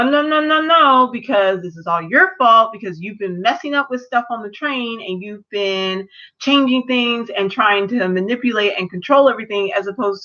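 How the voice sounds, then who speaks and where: A woman talks through an episode she just watched, acting out each character's lines in quick asides. Her voice is bright and forceful, and the recording sounds dull and lo-fi. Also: medium pitch. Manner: animated retelling, acts out dialogue in quotes. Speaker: episode reviewer. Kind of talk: casual recap and theorizing.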